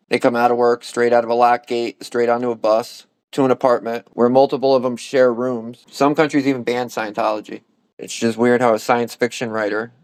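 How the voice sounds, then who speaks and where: A man's voice: medium pitch, darkish tone, no echo. A man hosting a channel, giving casual, matter-of-fact and opinionated voice-over commentary. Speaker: channel host.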